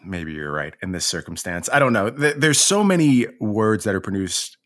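A man co-hosting a casual card game podcast, giving firm opinions in a measured way with some stammered restarts. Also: on the low side, expressive, fairly bright tone, no echo, studio quality. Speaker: podcast co-host.

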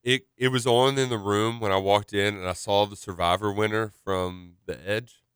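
A man's voice: fairly low pitch, steady tone, normal speed, clear, resonant tone, no echo, clean studio sound. A man co-hosting a casual sports talk show, chatty and easily amused. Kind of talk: casual sports radio chat.

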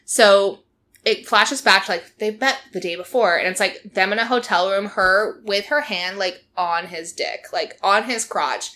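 Podcast host, woman, bright and clear tone, animated storyteller who laughs easily and fills with "like". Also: mid-range voice, unhurried. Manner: animated storytelling, laughs often, many "like" fillers. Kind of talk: casual chat recapping a reality show.

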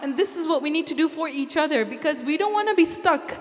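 Earnest high-voiced woman in a hall. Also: lively intonation, fast. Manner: earnest and heartfelt, slips Punjabi phrases into English. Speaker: speaker at a Sikh community event. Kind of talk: inspirational talk to a congregation. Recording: long hall reverb.

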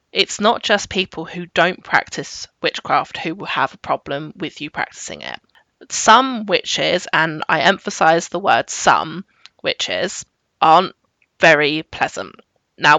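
A woman's voice: fairly low pitch, pushed and bright, no echo. A woman hosting a solo advice podcast, talking in an earnest, reassuring way. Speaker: podcast host.

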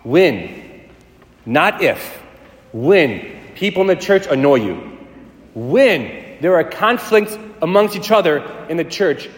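A man preaching a sermon as a priest, fast-talking and emphatic, building to intense passages. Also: a little high, very animated. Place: large church hall. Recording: echoey church hall with long reverb.

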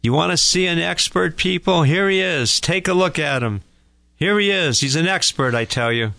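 A man voicing a sarcastic male stranger who loudly taunts someone in front of other people. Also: a little high, moderate pace, gravelly, no room sound, pitched above the performer's own voice. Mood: loud mocking. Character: loud mocking male stranger at a gas station.

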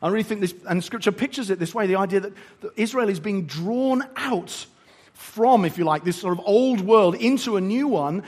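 A male preacher giving a sermon in an animated, humorous, conversational way. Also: high-pitched, moderate pace, breathy edge.

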